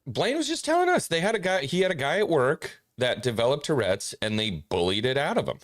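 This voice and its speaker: A man's voice: on the high side, big pitch swings, fairly quick. A man co-hosting a casual livestream, joking and laughing often. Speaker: co-host.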